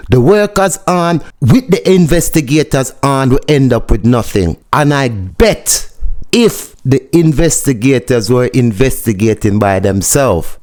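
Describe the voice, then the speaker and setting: A man's voice: medium pitch, darkish tone. A man with a Jamaican accent giving opinionated news commentary, emphatic and scolding. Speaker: commentary host.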